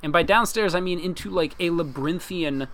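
Male podcast host, loose rambling recapper, somewhat high pitch. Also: fairly quick, fairly bright tone, slight background noise. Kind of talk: casual chat recapping an anime.

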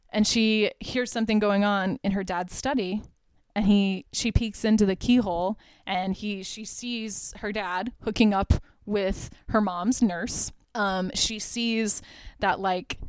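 A woman's voice: medium pitch, clear, resonant tone, no echo. A young woman hosting a podcast, recapping a horror film in a casual, chatty way, full of fillers and swearing. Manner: chatty, profane, lots of "like" fillers. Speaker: podcast host.

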